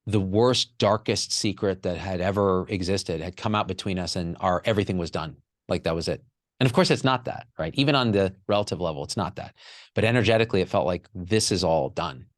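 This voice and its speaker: A man's voice: low voice, dry recording, studio quality. A man telling a raw personal story with candid emotion, swearing freely as a podcast guest.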